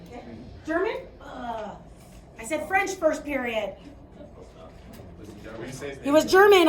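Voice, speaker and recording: A woman's voice: high voice, a little hiss or hum. A young woman teacher with a Midwestern Chicago accent, leading a math class in a chatty, projecting way and checking in with "okay?" as she goes. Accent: Midwestern American, Chicago. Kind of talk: classroom lecture. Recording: echoey classroom from far off.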